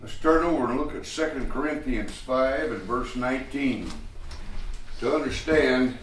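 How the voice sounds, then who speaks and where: A man preaching an expository Bible lesson, slow and deliberate, with frequent pauses and fillers. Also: medium pitch, slight background noise. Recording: echoey room picked up from a distance.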